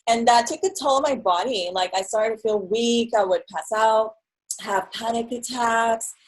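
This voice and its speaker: Young woman, bit high voice, chatty storyteller doing little voices for quotes. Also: normal speed, rough recording. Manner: animated storyteller, acts out quotes. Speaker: guest. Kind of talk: casual conversation.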